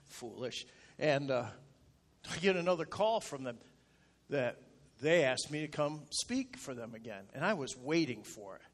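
A middle-aged male pastor telling a personal story in a sermon, in a folksy, self-deprecating way that gets animated as he retells his anger. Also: mid-range voice, measured pace. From rural upstate New York.

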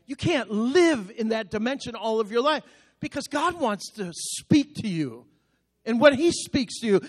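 High-voiced preacher in a reverberant sanctuary. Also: male voice. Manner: folksy storytelling building to fervent preaching. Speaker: pastor. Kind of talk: sermon. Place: church sanctuary. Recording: long reverb of a large sanctuary.

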